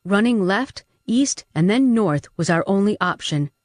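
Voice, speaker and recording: A woman reading a first-person action novel aloud as an audiobook narrator, dramatic and lively in the fight scenes. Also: a little slow, no room sound, clean studio sound. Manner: dramatic, pushes character shouts high and loud.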